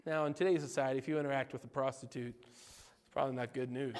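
A man's voice: medium pitch, fast talker. A man preaching an informal, jokey sermon as a youth pastor, asking his listeners questions as he goes. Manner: animated, jokey, asks the audience questions. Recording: long reverb of a hall.

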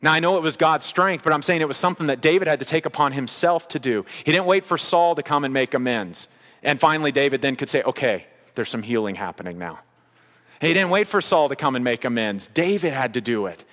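A man's voice: fairly high pitch, expressive, fast, fairly bright tone. Emphatic male preacher in a reverberant hall. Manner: emphatic, repetitive preaching cadence. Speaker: pastor. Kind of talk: sermon.

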